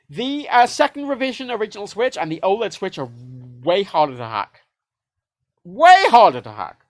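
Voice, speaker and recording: A man's voice: fairly high pitch, no echo. A man livestreaming, ranting casually about game consoles with lots of swearing. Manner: animated, heavily profane, mimics devices in quoted voices.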